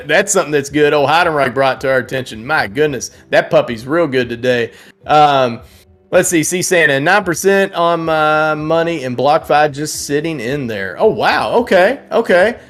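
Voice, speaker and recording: Hosting a live trading stream, a man gives casual market commentary, calling out prices and chat names, laughing a lot and at times repeating names in a sing-song way. His mid-range voice is a bit bright at a normal speed, with faint music behind him.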